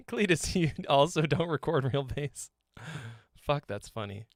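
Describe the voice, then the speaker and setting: A man's voice: on the high side, sing-song, slow pace, dry recording, studio quality. A man hosting a live stream song critique, joking, teasing and swearing as he gives feedback. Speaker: host, songwriting critic.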